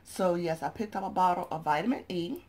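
A woman's voice: fairly low pitch, brisk, darkish tone. Groggy-voiced woman in a chatty haul vlog. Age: adult parent of young children. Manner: chatty, addresses viewers as y'all and subbies. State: groggy early-morning voice. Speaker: couponing vlogger.

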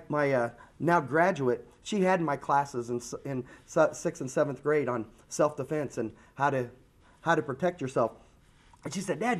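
At a community coffee meeting, an American man in his forties who presents on school safety addresses a room of parents in a chatty, earnest way. His voice is high for a man, and he keeps things animated with quick impressions of children and his own daughter.

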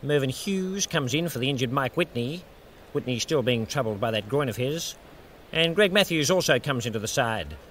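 A man's voice: medium pitch, bright, forceful tone, slight background noise, lightly acted. Man impersonating a dry veteran cricket commentator. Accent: Australian. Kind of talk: comedy impression, scripted cricket commentary.

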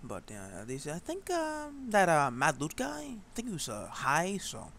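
Guy rambling through game commentary, higher-pitched, lots of ums. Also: huge pitch swings, moderate pace, fairly bright tone. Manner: rambling, chatty, lots of fillers. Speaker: gaming channel host. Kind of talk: let's play commentary.

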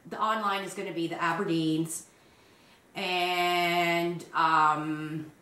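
On her crochet video, a Canadian woman chats casually, rambling and often laughing, in a low-leaning voice that is steady, slow, bright, and forceful. A distant mic captures her in a roomy space.

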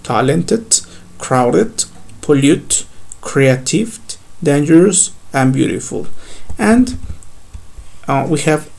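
A man whose first language is Spanish, teaching an English grammar lesson slowly, step by step, with fillers. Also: a little high, lively intonation, vocal fry, a little mellow. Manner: slow, step-by-step explaining with fillers.

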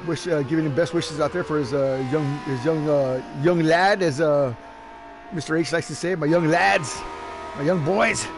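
남자 심레이싱 해설자, 들뜨고 농담 많은 말투, 약간 높은 목소리, 잡음이 뚜렷한 녹음. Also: male voice, a little high, normal speed. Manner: excitable, joking, laughs often. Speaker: race commentator. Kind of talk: casual sim racing commentary. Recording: noisy background.

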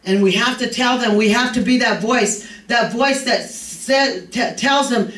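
An older man preaching a sermon as a pastor, fervent and rising to shouts, with joking asides. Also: very high-pitched, measured pace, hardly any pauses. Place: church sanctuary. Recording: echoey, distant room recording.

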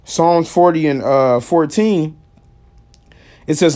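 Man preaching, emphatic street sermon, slightly high-pitched. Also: expressive, moderate pace, a little mellow. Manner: emphatic, repeats "man" and "y'all", reads verses aloud. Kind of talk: street sermon with scripture reading.

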